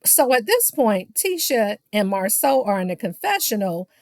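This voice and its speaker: A woman recaps a reality show in a casual, gossipy way, throwing sassy, shady asides and repeatedly calling her listeners "child," while mimicking the people she quotes. Her mid-range voice swings widely in pitch at a normal speed. The studio sound is clean with no echo.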